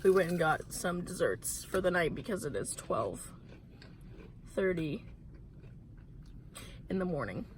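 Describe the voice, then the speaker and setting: A woman's voice: fairly low pitch, very animated, measured pace, long pauses, slight background noise. A woman co-hosting a late-night vlog from inside a car, giggly and playful as she chats. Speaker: vlog co-host. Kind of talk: casual chat while driving.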